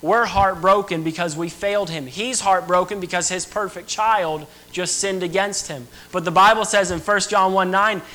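A man's voice: high voice, fairly even intonation, normal speed, few pauses, sharp tone, low-quality recording. A young man preaching an earnest, emphatic sermon to a church. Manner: earnest, emphatic preaching with rising and falling intensity.

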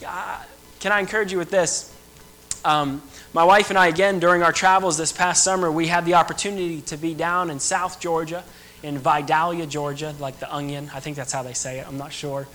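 High, bright-voiced young male preacher. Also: fairly even intonation, normal speed, poor audio. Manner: earnest, emphatic preaching with rising and falling intensity. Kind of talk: sermon.

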